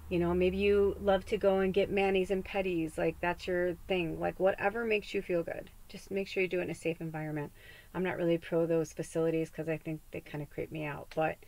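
A woman's voice: medium pitch, low-quality recording. Emotional, rambling woman medium. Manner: rambling, emotional, candid, swears freely, laughs through tears. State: tearful, close to crying. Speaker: psychic medium host. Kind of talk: casual spoken tarot-style reading podcast.

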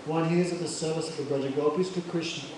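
A man's voice: fairly high pitch, fast. A man giving a devotional lecture, telling sacred stories and acting out the characters' voices. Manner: animated, acts out characters' voices. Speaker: spiritual teacher. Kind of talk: devotional lecture with acted storytelling. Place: lecture hall. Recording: echoey hall, far mic, crowd.

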